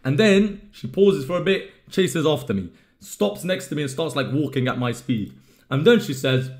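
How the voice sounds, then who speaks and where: A man's voice: a little high, normal speed. A young man streamer casually telling a story to his live chat, joking and swearing freely.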